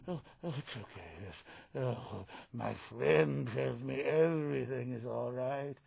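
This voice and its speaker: A man putting on a smug, campy upper-class British aristocrat, speaking quietly and mock-genteel. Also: high voice, vocal fry, no room sound, heavily acted. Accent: put-on upper-class British. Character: smug posh aristocratic man, middle-aged.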